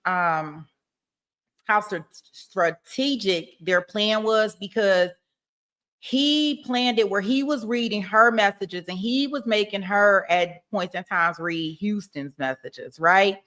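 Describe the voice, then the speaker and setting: A woman's voice: mid-range voice, slow pace, fairly bright tone. A woman hosting a casual live stream, chatting about a court case and reading viewer comments, laughing often and repeating herself. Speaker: livestream host.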